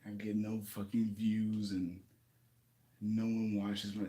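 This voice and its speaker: A man records an angry, profane vlog rant indoors in a rented home. His voice is lowish and dark, and he talks slowly, stopping and restarting his sentences as he vents. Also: flat delivery, slight background noise. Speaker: YouTuber.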